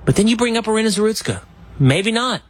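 A man hosting a political interview, telling stories in an animated, opinionated way. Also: high voice, fast. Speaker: show host.

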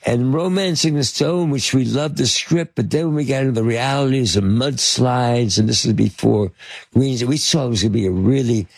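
An older man, a guest in an interview, tells a rambling anecdote at a moderate pace in a creaky voice with no room sound. He's hesitant, full of fillers and restarts, and acts out quotes with sudden jumps in pitch.

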